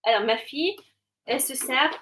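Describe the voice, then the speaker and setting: A woman's voice: sits high, lively intonation, brisk, background noise. An English woman in her thirties chatting casually on a live stream, rambling with many ums and restarts. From England. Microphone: webcam or phone mic on a live stream.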